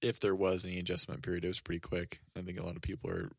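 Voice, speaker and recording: A man's voice: low voice, monotone, rapid-fire, creaky, slightly rough, no echo, clean studio sound. A man co-hosting a casual podcast conversation, agreeable and often chiming in with short affirmations. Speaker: podcast co-host.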